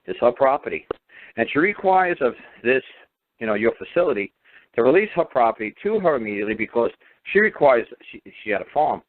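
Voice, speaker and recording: A man's voice: mid-range voice, no room sound. A man on a call-in radio talk show, telling stories emphatically and repeating words for stress. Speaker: radio show guest speaker. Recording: tinny phone line.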